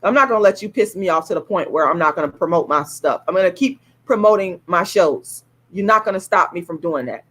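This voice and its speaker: A woman's voice: fairly low pitch, expressive, fairly quick, few pauses, fairly bright tone. A woman ranting on a livestream, heated and indignant, swearing and repeating herself as she promotes her own show. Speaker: YouTube live streamer promoting her own play. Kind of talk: angry livestream rant, then ticket promotion.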